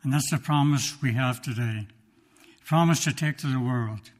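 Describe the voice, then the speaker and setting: A man delivers a sermon in a slow, emphatic voice of ordinary pitch. He tells his story with dramatic pauses and now and then checks his notes. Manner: reads from notes. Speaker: preacher.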